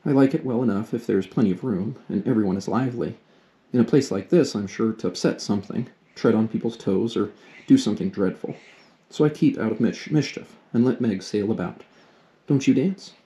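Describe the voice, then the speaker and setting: A man voicing a lively, frank teenage girl, eager and a little awkward, as he reads a storybook aloud. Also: lowish voice, a little fast, natural voice.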